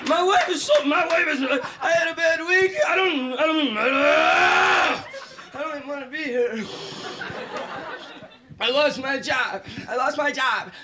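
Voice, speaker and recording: A squeaky, stammering, nervous amateur comic. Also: male voice, unhurried, a crowd in the background. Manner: stammering, restarting, telling flat jokes. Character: nervous awkward male amateur comedian. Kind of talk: 1980s late-night TV comedy bit. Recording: old TV studio tape with loud audience laughter and noise.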